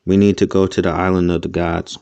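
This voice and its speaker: A man's voice: sits low, little pitch movement, brisk, creaky, dark tone, clear, resonant tone, dry recording, muffled recording. Man reading as Lizzie, a commanding seductress. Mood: smug.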